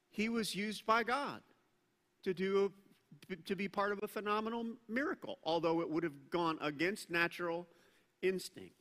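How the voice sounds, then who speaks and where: A man's voice: on the high side, fairly bright tone, big-room sound. A middle-aged man preaching a sermon as pastor, conversational, with joking asides and bursts of emphasis.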